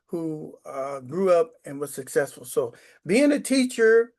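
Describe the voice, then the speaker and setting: A man's voice: fairly high pitch, sing-song, measured pace, darkish tone. A man in his sixties, a retired sixth grade teacher, telling stories from home in a rambling, emotional way with stammers and restarts. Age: 60s. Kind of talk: casual storytelling to camera. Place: his apartment.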